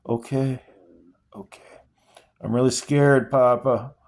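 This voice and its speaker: A man's voice: medium pitch, fairly even intonation, slow, vocal fry, a little mellow. A man reading aloud and voicing a frightened young boy who pleads and clings. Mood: pleading.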